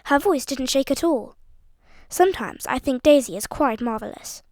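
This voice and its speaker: A woman with a fairly high voice reads a story aloud with expressive, lively delivery. The sound is close and dry, with no room around it. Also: normal speed, dry recording. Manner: expressive, voices each character. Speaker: audiobook narrator. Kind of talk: storytelling narration.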